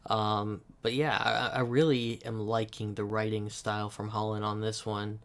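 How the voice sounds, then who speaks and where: A man's voice: on the low side, level tone, moderate pace. A man hosting a music reaction channel, giving casual commentary in a thoughtful, hedging way with frequent self-corrections.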